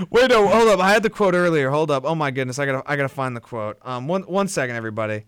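A man co-hosting a casual film podcast, rambling with lots of restarts and addressing listeners as ladies and gentlemen. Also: on the high side, expressive, fast talker, smooth, no room sound, clean studio sound. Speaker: podcast co-host.

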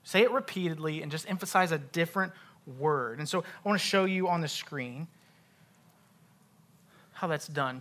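A young adult male pastor preaching a sermon, dropping to hushed whispers and rising to loud, emphatic repetition. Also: a little high, moderate pace.

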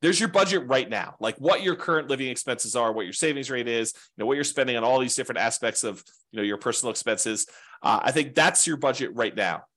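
A man's voice: mid-range voice, fast talker, fairly bright tone. A man teaching an informal class on real estate investing, talking in a rambling, conversational way with frequent asides.

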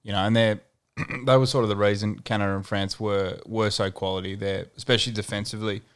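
A man co-hosting a sports podcast, giving even, casual analysis. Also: fairly low pitch, fairly quick, clean tone. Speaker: podcast co-host.

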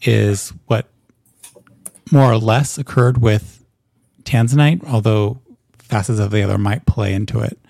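Creaky-voiced man running a tabletop game. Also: lowish voice, dry recording, studio quality. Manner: relaxed, halting narration with fillers. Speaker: game master.

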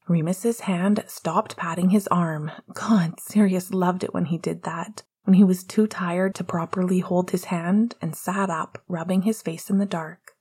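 Give me a woman narrating a story in a whispered role-play, low-pitched and slow. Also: steady tone, slightly rough. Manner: soft, hushed, unhurried. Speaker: audiobook reader.

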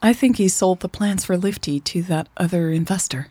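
A woman doing a soft-spoken, tender young woman lover. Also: fairly low pitch, moderate pace, breathy edge, no echo.

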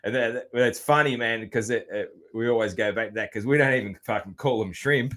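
A man's voice: mid-range voice, brisk, a bit bright. A man with an Australian accent hosting a casual podcast chat, laid-back and loose-tongued, swearing casually and padding his talk with fillers. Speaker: podcast host.

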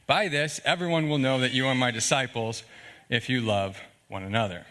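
A man's voice: medium pitch, steady tone, normal speed, pushed and bright. A man preaching a sermon in an earnest, conversational way, often checking in with the congregation with asides like "okay?" and "all right?". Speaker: pastor.

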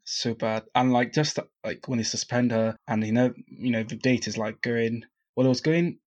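A relaxed man chats casually on a podcast, laughing easily and tossing in "man." His mid-range voice comes through slightly dull, lo-fi audio. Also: medium pitch, normal speed. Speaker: podcast co-host. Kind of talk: casual chat reviewing a TV show.

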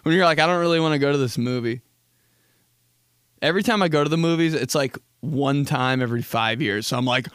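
Rambling young man, smooth voice. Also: fairly quick, fairly bright tone, no room sound, clean studio sound. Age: 20s. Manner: rambling, laughing, acts out quotes in high voices. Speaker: podcast host. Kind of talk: casual comedic chat.

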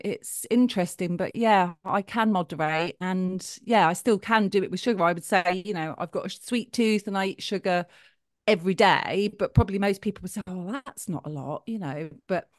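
Woman, middle-aged, chatty, animated, dry recording. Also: medium pitch, no room sound. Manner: chatty, animated, laughs easily. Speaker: podcast co-host. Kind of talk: casual chat.

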